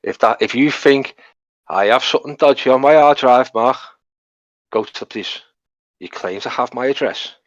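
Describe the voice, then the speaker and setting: A man's voice: mid-range voice, normal speed, no echo. A man hosting a live stream who answers an accusation defiantly and dismissively. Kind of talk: heated live stream argument. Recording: dull muffled stream audio.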